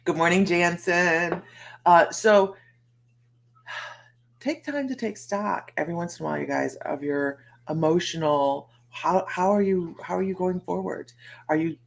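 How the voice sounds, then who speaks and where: A woman's voice: on the low side, unhurried, gravelly. A middle-aged American woman hosting a psychic livestream, chatting in a rambling way and greeting viewers by name. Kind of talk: casual livestream chat.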